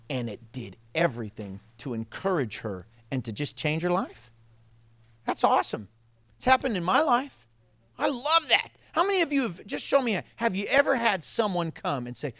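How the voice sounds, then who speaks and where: Animated male pastor preaching. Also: sits high, measured pace, no echo. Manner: animated storytelling with laughs and sudden drops to a hush. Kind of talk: sermon.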